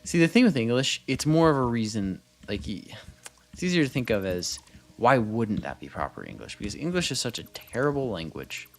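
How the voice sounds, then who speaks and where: Guy streaming a factory game, gravelly voice, pitch bouncing all over, thinking out loud and answering chat. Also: very animated, brisk, faint music behind. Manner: thinks aloud, trails off and restarts, mutters counts; chatty, answers viewers as he plays. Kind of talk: casual gameplay commentary.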